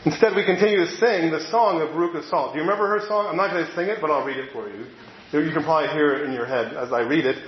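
Male preacher, fairly high voice, relaxed conversational sermon delivery, roomy echo. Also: racing, slight background noise. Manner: conversational, reads quotes aloud, occasional repeated words. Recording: echoey room, slightly dull sound.

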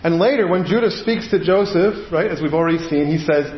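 A man's voice: on the high side, brisk. A man preaching a sermon in a conversational way, often checking in with "right?". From United States. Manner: conversational, frequent "right?" asides. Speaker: pastor. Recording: roomy, dull audio.

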